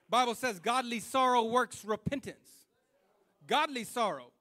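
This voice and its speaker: Very high-voiced impassioned male preacher. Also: measured pace. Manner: impassioned, repetitive preaching that builds to loud fervor; colloquial, with slips and restarts. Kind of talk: sermon.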